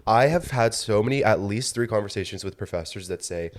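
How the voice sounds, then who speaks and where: A man's voice: on the low side, brisk. A man in his twenties hosting a podcast, chatting casually and ranting through his complaints with lots of filler words. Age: 20s. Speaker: podcast host. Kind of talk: casual chat.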